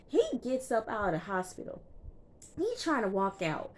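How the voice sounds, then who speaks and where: A woman's voice: medium pitch, sing-song, normal speed, darkish tone, a little hiss or hum. A woman chatting casually through a TV episode recap, emphatic and full of fillers, talking straight to her viewers. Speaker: TV recap vlogger.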